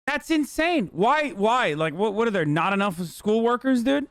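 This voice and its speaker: A man's voice: sits high, expressive, moderate pace, fairly bright tone, no room sound. A man streaming casual reaction commentary, blunt and profane, talking into a close mic. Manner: blunt and profane, with mock accents.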